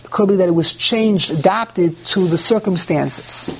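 A man's voice: high-pitched, unhurried, creaky, slight background noise. A man teaching a Torah class, explaining step by step and repeating key words, with Ashkenazi pronunciation of the Hebrew terms.

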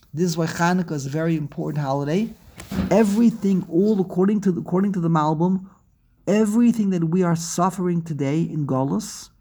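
Pitched on the high side, his voice has a dark tone with a breathy edge. He's teaching scripture study, reading and translating phrases and explaining them step by step, with restarts and asides to his students.

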